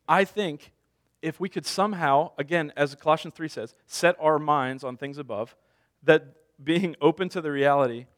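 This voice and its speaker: A man in his thirties preaching a sermon as a pastor, conversational, telling stories with self-deprecating humor. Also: mid-range voice.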